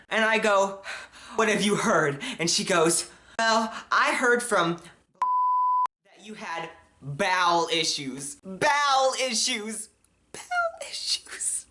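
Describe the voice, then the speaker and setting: A young man telling a story on his vlog, animated and full of swearing, swinging from hushed to yelling. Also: sits high, echoey room. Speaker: vlogger.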